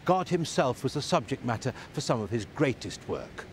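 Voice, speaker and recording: Lively male documentary narrator. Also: mid-range voice, normal speed, slight background noise.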